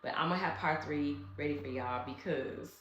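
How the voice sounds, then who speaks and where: A woman recounts a personal story for her vlog, speaking in a fairly low voice with a bright, tense edge. She is emotional and chatty and addresses her viewers directly. Her voice rings in an echoey room. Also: normal speed, dull audio, a little hiss or hum. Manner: emotional, conversational, talks straight to viewers. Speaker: vlogger.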